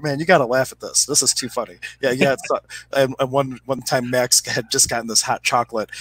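A man's voice: medium pitch, a bit bright, poor audio. Storytelling man, laughing as he talks. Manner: storytelling, laughs often, acts out quoted voices. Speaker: energy healing practitioner and podcast co-host. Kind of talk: casual conversation.

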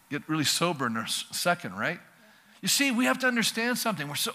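Animated preaching pastor, man, bright voice. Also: high voice, quick pace. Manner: animated, conversational preaching with acted-out dialogue. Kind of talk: sermon. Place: church sanctuary. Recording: long reverb of a church hall.

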